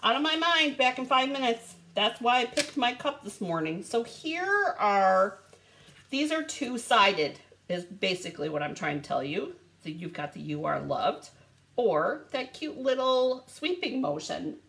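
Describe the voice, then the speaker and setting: A woman's voice: measured pace, creaky. A woman hosting a casual live stream, chatting bubbly and greeting viewers by name while showing craft supplies. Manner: lively rising and falling pitch.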